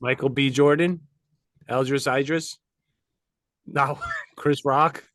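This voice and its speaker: A man co-hosting a podcast who teases his partner with raunchy jokes and a lot of swearing. He speaks at a middle pitch. The recording is dry and close. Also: steady tone, slow pace, fairly bright tone, no echo. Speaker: podcast co-host. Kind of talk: crude casual banter.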